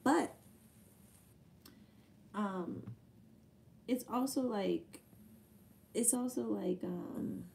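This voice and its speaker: Young woman, gravelly, dark tone, faint background noise. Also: mid-range voice, very slow, long pauses, distant mic. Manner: loose, profane storytelling with quoted asides. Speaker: battle rapper answering fan questions. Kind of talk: casual Q&A chat.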